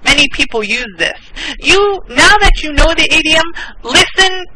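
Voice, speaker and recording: With a voice that sits high and a normal pace, this English tutor from the US teaches a class online. Patient and quick to laugh, she repeats words often, over steady background noise punctuated by clicks.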